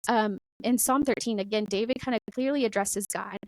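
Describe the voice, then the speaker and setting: A middle-aged woman talking casually about faith as a podcast guest, animated and full of "like" and "right?". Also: mid-range voice, brisk, dry recording, low-quality recording.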